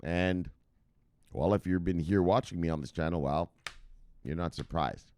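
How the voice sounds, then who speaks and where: A man's voice: low voice, moderate pace, darkish tone, clean tone. A man hosting a crypto news show in casual, profane commentary, brash and laughing at his own jokes. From United States.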